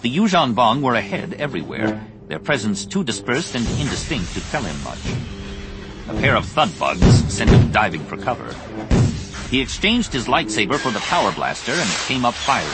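A man reading an audiobook as narrator, with a measured, dramatic delivery. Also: mid-range voice, big pitch swings. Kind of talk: scripted narration. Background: background music score.

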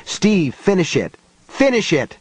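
A man's voice: mid-range voice, moderate pace, dry recording, lightly acted. A man doing an urgent, resolute grown man. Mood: urgent shouting. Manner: urgent commanding shouts, then grave and firm.

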